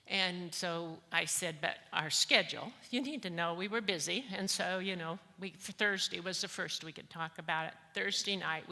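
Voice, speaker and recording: A middle-aged woman tells her own story from a conference stage, candid and emotional. Her voice is bright and a little low-pitched, and it rings with a long hall reverb. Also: creaky. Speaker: conference speaker. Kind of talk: personal testimony talk.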